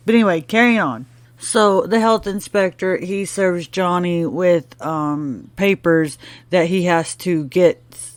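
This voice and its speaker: A woman's voice: on the low side, dry recording. A woman hosting a podcast who recaps a TV episode in a casual, rambling way and goes off on laughing tangents. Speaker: podcast host.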